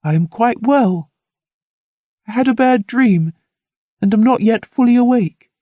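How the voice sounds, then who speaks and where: A man reading an audiobook, voicing an ailing young woman who pleads anxiously in a high, urgent voice that drops into whispers. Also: animated, a little slow, warm tone, no room sound, muffled recording, heavily acted. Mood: anxious pleading.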